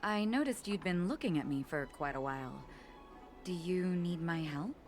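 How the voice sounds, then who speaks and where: Polite young female guard, played by a woman, lively delivery over game music. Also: lowish voice, normal speed, lightly acted. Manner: polite, formal. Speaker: game character. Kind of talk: video game dialogue.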